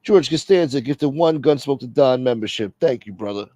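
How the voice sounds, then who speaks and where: Profane, blunt streetwise livestream host. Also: male voice, mid-range voice, lively intonation, moderate pace, warm tone, no room sound. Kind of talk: casual livestream chat.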